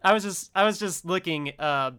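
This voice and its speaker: A man's voice: sits high, moderate pace, pushed and bright, smooth. A man co-hosting a casual movie podcast, jokey and hesitant, stumbling over his words. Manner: hesitant, stammering restarts, jokey. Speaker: podcast co-host.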